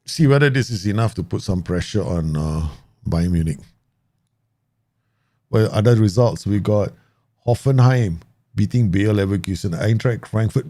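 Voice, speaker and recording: A man, excitedly commenting on his own football management game for viewers. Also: fairly low pitch, moderate pace, dry recording, soft background music. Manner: excitable, laughs often, talks to viewers. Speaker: gaming YouTuber.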